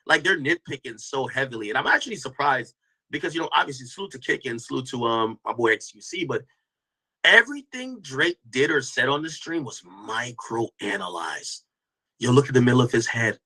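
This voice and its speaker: A man's voice: a little high, sing-song, normal speed, bright, forceful tone, slightly rough, poor audio. A man hosting a casual commentary stream, talking loosely to his chat with lots of restarts and slang. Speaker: host reacting to a stream clip.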